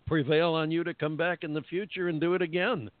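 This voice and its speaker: A man's voice: a little high, fairly even intonation, a little fast, no echo, phone-quality sound. Chatty male radio host, phone-thin sound. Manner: chatty, jokey, laughs often. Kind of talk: casual radio chat.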